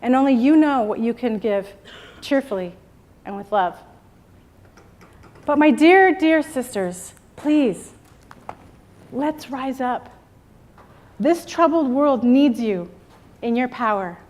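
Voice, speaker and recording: A middle-aged woman delivers a stirring motivational talk from a stage, her voice a touch higher than most. She works the crowd with call-and-response, pausing for them to answer back. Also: lively intonation, darkish tone. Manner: rousing, call-and-response with the audience. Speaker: keynote speaker. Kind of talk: motivational speech. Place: event stage before a live audience.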